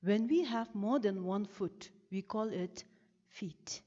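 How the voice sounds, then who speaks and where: Woman teacher explaining poetry slowly. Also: mid-range voice, warm tone. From Bhutan. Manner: slow, careful explaining with stressed key words. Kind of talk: recorded classroom lesson. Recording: lo-fi with long reverb.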